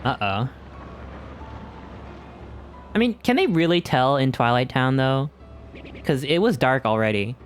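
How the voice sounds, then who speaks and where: A man streaming a game, casually commenting in an excitable, joking way with swearing. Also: medium pitch, unhurried, long pauses, clear, resonant tone, faint music behind.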